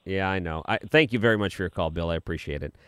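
A man's voice: sits low, fast talker, fairly bright tone, smooth. A man hosting a late-night call-in radio show, easygoing and agreeable, often chuckling. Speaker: radio talk show host. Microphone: studio microphone.

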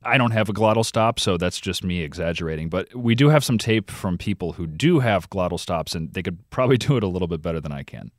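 A man's voice: low voice, lively intonation, fast, few pauses, no room sound, clean studio sound. A man, a podcast reporter, explaining things as a guest in a conversational radio interview, thinking aloud with fillers.

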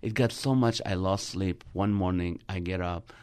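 A man's voice: low-pitched, moderate pace, clean tone, no room sound. A man, a Christian comedian on a radio talk show, telling stories with humor and acting out the dialogue. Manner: animated storyteller, acting out dialogue. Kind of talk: storytelling with humor in a radio interview.

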